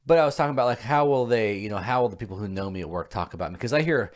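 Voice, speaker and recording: A man co-hosting a podcast, talking in a loose, rambling way. He reflects out loud and often starts over mid-sentence. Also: on the low side, expressive, racing. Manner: rambling, self-reflective, many fillers and restarts. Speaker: podcast co-host. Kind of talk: casual chat.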